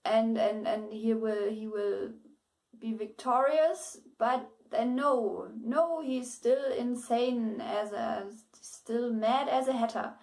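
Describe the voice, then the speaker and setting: A woman's voice: on the high side, steady tone, takes it slowly, a little mellow. A woman with German as her first language gives a casual spoken book review, hesitant, with many fillers, restarts and bits of laughter.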